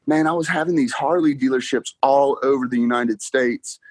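A man's voice: mid-range voice, dry recording. Young man, casual interview guest, laughing storyteller, dry close sound. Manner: excited, laughs often, talks fast with "like" and "bro". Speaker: guest car salesman.

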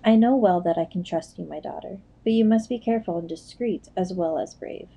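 An anxious noble mother, put on by a woman reader speaks earnestly, firm yet pleading. The voice sits low and very mellow, in a storybook telling. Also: brisk, vocal fry, husky, low-quality recording.

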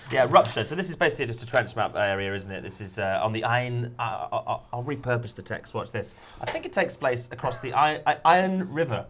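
Jokey British man, lively pitch. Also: fairly quick, a little hiss or hum. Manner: playful, jokey, mock-dramatic reading. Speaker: guest gamer. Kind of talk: casual gaming chat. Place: studio.

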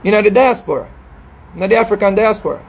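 A man's voice: high voice, animated, fast, vocal fry, husky. A middle-aged man with a Jamaican accent, talking in an impassioned monologue, emphatic and scolding, repeating phrases and stumbling over words. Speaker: dancehall artist speaking to his audience.

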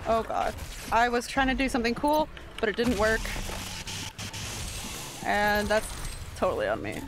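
Excitable woman streamer yelping through gameplay. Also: fairly high pitch, moderate pace. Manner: excitable, yelps and talks to herself while playing. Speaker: game streamer. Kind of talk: live gameplay commentary. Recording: steady background noise.

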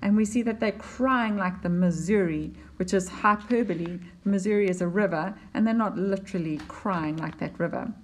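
A woman teaching a poetry lesson, explaining slides in an unhurried way with fillers and restarts. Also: mid-range voice.

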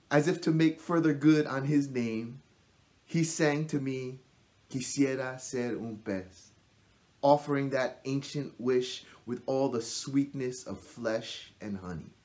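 Guy reading his poem real slow, lots of pauses, lines trail off soft, medium voice. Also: medium pitch. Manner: slow, measured reading with long pauses, dropping soft at line ends. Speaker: poet. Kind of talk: poetry reading.

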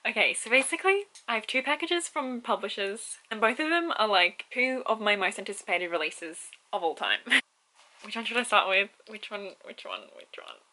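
A young woman chats about her books in a bright, clear voice. She gushes and laughs as she talks, and she cannot contain her excitement. It sounds like a casual vlog recorded at home. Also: fairly high pitch, fairly quick, a little hiss or hum, low-quality recording. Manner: gushing, excitable, laughs often. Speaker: book vlogger.

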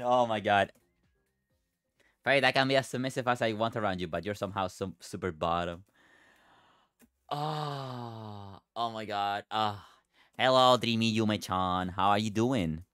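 Guy streamer rambling to chat, stammery and sweary, middle pitch, faint music behind. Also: a bit bright. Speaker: livestreamer. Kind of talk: casual livestream chatter.

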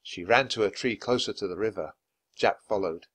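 A man reading a children's storybook aloud for English learners in a clear, steady, measured way. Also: lowish voice. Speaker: storybook reader.

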